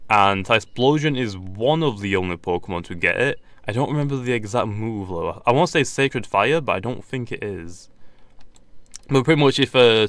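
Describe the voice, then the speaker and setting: A young man giving casual, rambling gameplay commentary in a slightly hoarse voice that he says he is losing, often restarting his sentences. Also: lowish voice, a bit bright, no room sound. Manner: rambling, hesitant, frequent restarts and laughs. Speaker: gaming YouTuber.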